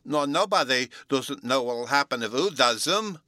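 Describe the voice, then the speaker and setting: A man's voice: medium pitch, expressive, normal speed, pushed and bright, no room sound, studio quality, voice pushed up. A man reading a storybook aloud, voicing a small, stubborn little boy who talks back in indignant, ungrammatical sentences. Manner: indignant, ungrammatical child's talk.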